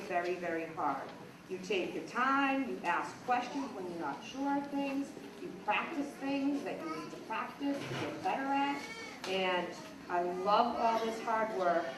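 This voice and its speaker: A woman teacher praising young students one by one at a school assembly. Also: mid-range voice. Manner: warm praising, addressing young children. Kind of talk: award presentation at a school assembly. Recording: echoey hall, distant mic, crowd noise.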